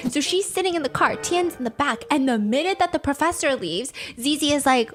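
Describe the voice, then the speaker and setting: A woman hosting a podcast, recapping a story in a casual, animated and sarcastic way, with the odd swear word. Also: high-pitched, brisk, few pauses. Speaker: podcast host.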